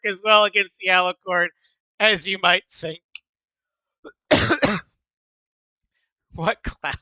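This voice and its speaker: A man's voice: high-pitched, steady tone, slow, long pauses, sharp tone, no echo, low-quality recording. A man streamer reacting to a video with loose, joking asides. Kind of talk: casual reaction commentary.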